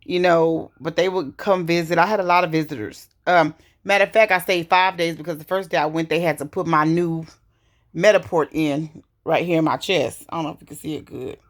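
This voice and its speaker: A woman's voice: deep voice, fairly even intonation, brisk. A woman, telling a personal story in an emotional, conversational way and often repeating herself. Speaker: vlogger.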